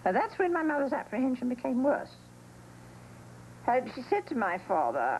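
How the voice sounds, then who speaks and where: A woman's voice: a little high, huge pitch swings, a little fast, darkish tone, slight background noise, low-quality recording. An older woman recalling a childhood memory in an interview, telling it reflectively. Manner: reflective storytelling, acting out quoted voices. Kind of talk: interview recollection.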